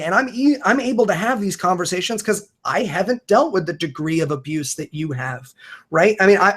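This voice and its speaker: On a relaxed video call, a male comedian-podcaster speaks with earnest emphasis, cursing a lot and frequently starting his sentences over. He has a high-pitched, fairly bright voice.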